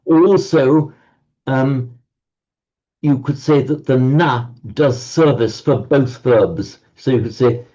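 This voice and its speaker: A man teaching a Sanskrit class online, explaining slowly and often repeating words as he searches for them. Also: mid-range voice, dark tone, dull audio.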